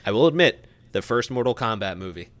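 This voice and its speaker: A man co-hosting a podcast, giving his opinions and swearing casually in relaxed chat. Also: medium pitch, a little fast. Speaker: podcast co-host.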